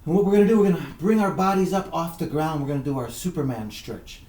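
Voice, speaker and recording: A man coaches children through yoga poses with slow, encouraging, repeated cues. His voice sits a little high. He is recorded from a distance in an echoey room with faint background noise. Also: warm tone. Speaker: kids' yoga instructor. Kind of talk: guided workout instruction. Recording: echoey room, mic far off.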